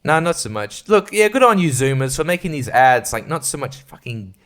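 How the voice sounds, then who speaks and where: A man's voice: mid-range voice, big pitch swings, a little fast, a bit bright. A man hosting a casual solo podcast, rambling and crude, swearing and laughing often. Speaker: podcast host.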